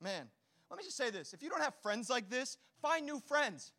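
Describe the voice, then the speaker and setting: A male pastor preaching a lively sermon with a very high, bright, forceful voice. He talks straight to the congregation with easy slang. His delivery is energetic and direct throughout. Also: moderate pace. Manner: casual slang mixed into preaching.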